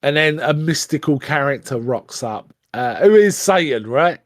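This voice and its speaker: A man's voice: a little high, expressive, moderate pace, no room sound, studio quality. A man chatting casually about a film, retelling scenes and acting out the characters' lines with lots of fillers. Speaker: podcast co-host.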